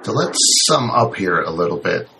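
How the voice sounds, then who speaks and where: A man's voice: low-pitched, animated, normal speed, gravelly, bright, forceful tone, slight background noise. A man hosting an interview, a health practitioner who sums up points in a reflective way. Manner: summarizing, reflective. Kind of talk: interview talk.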